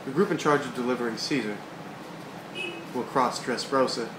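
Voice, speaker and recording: A man voicing a calm male pirate captain who lays out plans in a flat, matter-of-fact way. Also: mid-range voice, moderate pace, close to an everyday voice. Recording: echoey room with background noise.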